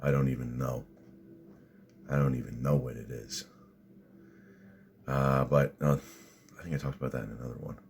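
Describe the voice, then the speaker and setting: Very deep-voiced blunt man vlogging. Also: fairly even intonation, normal speed, gravelly, pauses often, darkish tone, slight background noise. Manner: blunt, crude, rambling with fillers. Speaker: vlogger reacting to a video. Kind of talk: casual reaction commentary.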